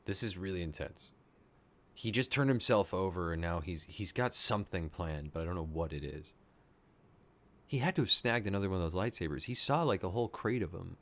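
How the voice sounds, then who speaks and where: A man hosting a reaction video, excitedly thinking aloud and gushing as he watches. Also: low voice, a little fast. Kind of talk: casual reaction commentary.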